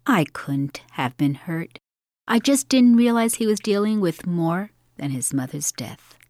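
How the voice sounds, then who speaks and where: A woman's voice: fairly low pitch, lively intonation, unhurried, a little mellow, dry recording, clean studio sound. A middle-aged woman narrating a dramatic monologue in a reflective, wry manner.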